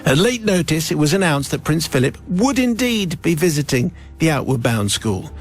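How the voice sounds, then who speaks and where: A middle-aged man hosting a radio show, reading out a listener's letter with lively storytelling. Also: fairly high pitch, normal speed, soft background music. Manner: lively storytelling with laughs and put-on voices. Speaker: radio host.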